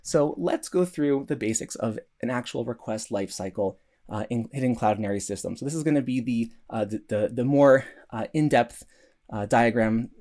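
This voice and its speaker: A man's voice: medium pitch, warm tone. A man giving a recorded conference talk, earnest, with many restarts and fillers. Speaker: conference speaker.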